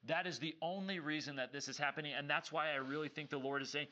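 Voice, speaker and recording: A man with a bright, forceful voice leads a relaxed scripture chat, slipping into the voices of the people in his stories. He sounds like a seminary teacher talking with a friend. The audio is a little dull and lo-fi. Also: a little high, fairly quick. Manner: animated storyteller who acts out dialogue. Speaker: podcast co-host and seminary teacher. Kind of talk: casual scripture discussion.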